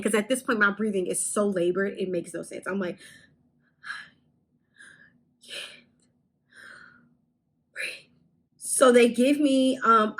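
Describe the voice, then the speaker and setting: A young woman in her twenties, telling a storytime vlog in a candid, animated way with casual swearing. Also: mid-range voice, poor audio. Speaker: vlogger.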